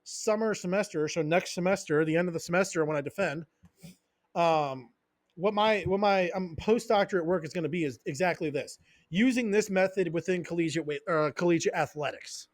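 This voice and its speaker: A man with a fairly high voice rants on a casual podcast as a strength coach. He swears freely, hammers short repeated phrases and drifts into tangents. The sound is dry and close, with no room around it. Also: fairly quick, no echo. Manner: profane, fired-up, goes on tangents.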